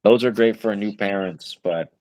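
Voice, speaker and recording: A man's voice: on the low side, moderate pace, over a noisy crowd. A young man in his twenties, a new father of twins, chatting loosely on a podcast with lots of fillers and the odd curse. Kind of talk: casual chat.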